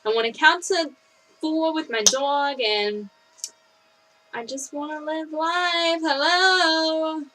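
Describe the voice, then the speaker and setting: A young woman putting on the voice of a brash, impatient East Coast city type who rants gruffly. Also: high-pitched, takes it slowly, noisy background. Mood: exasperated.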